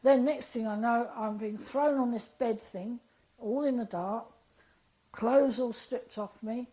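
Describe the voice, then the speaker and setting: Bright-toned woman telling her story. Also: on the high side, a little slow, rough recording. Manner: animated, acts out quoted dialogue. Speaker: interview guest. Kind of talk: conversational storytelling interview.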